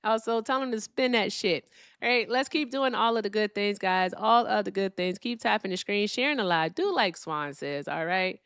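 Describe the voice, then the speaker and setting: Live-stream host, woman, blunt and profane with callers, mid-pitched voice. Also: moderate pace, fairly bright tone, clear, resonant tone, dry recording, studio quality. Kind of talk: live call-in stream talk.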